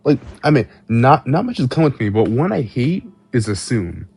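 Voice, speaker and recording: A man's voice: medium pitch, big pitch swings, normal speed, vocal fry, darkish tone, slightly rough. A man ranting casually to camera, stammering and swearing, often breaking into laughs. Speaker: vlogger. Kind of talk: casual rant.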